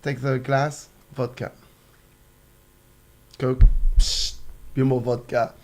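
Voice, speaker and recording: A man's voice: medium pitch, level tone, takes it slowly. A man telling stories as a guest on a casual chat show, laughing as he goes. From France. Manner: chatty storyteller, laughs while telling anecdotes.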